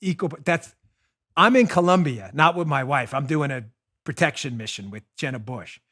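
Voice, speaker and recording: A man hosting a political commentary show, talking in an animated, mocking, rant-like way into a studio microphone. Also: fairly high pitch, normal speed. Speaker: show host.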